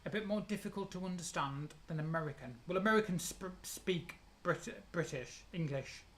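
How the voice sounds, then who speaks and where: A man co-hosting a live quiz stream, chatty and quick to argue back. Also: high voice. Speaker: co-host. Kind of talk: casual live-stream chat.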